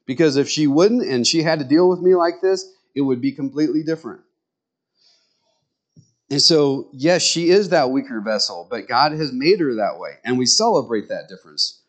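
A middle-aged man preaching a sermon in a folksy, conversational way, full of rambling asides, jumping up in pitch when he acts out what others say. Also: expressive, moderate pace. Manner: jumps to high pitch when acting out others' words. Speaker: pastor.

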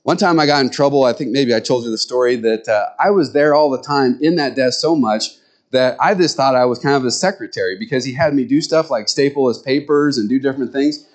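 A man's voice: mid-range voice, brisk. A male pastor preaching with humorous stories, acting out the voices he quotes. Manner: storytelling, acts out quoted voices. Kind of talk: sermon with humorous anecdotes.

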